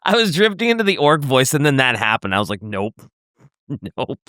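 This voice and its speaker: A man's voice: on the high side, quick pace, smooth, no echo, clean studio sound. A man co-hosting a podcast, retelling lore and joking around with casual swearing. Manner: animated and jokey, swears casually. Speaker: podcast co-host.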